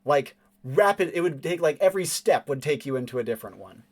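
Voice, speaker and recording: A man's voice: fairly high pitch, animated, fast talker. A man running a tabletop game as game master, narrating loosely with lots of fillers and laughing along.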